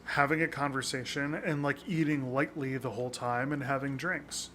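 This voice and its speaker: Bright-voiced man, rambling casual chat. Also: mid-range voice, fairly even intonation, moderate pace, a little hiss or hum. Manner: rambling, chatty, swears casually. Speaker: podcast co-host.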